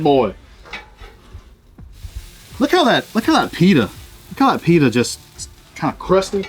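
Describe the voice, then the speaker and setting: A man with a Southern US accent hosting a griddle cooking show, joking in a folksy way. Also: on the high side. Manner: folksy, joking, drawling sayings. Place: outdoor griddle cooking set.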